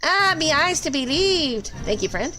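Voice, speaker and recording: A woman's voice: high voice, very animated, normal speed, bright, forceful tone, slight background noise, pitched above the performer's own voice, heavily acted. A woman reading a hungry, hard-working male gold prospector in a put-on Southern accent, folksy and grumbling.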